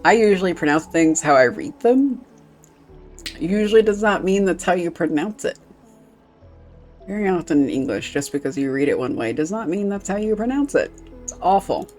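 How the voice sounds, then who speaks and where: A woman's voice: fairly low pitch, lively intonation, moderate pace, a little mellow, soft background music. A woman streaming a game, chatting casually, rambling with lots of fillers and swearing freely.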